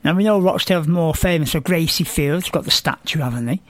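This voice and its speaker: A man's voice: fairly high pitch, fast, dry recording. A man hosting a rugby league show, asking questions and joking with his co-host. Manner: jokey, playful. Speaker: radio sports show host. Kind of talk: sports chat.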